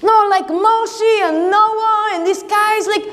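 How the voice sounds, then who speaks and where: A high-voiced woman retells a Bible story as if she lived it, playful and full of sound effects, drawing the campers in with questions. She is caught on an action camera in a camp chapel, and her voice rings with a long hall echo. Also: fairly even intonation, takes it slowly, fairly bright tone. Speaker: camp worship leader. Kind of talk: first-person Bible story told to campers.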